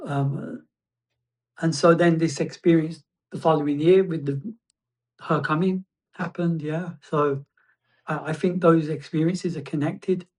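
A man sharing a personal testimony as a guest, reflective and halting, often restarting his phrases. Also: a little high, fairly even intonation, a little mellow.

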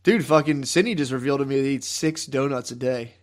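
A man's voice: medium pitch, fast talker. A young man hosting a podcast, telling rambling, profane stories in casual chat and saying "dude" all the time. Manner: profane, rambling storyteller who says "dude" constantly. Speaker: podcast host.

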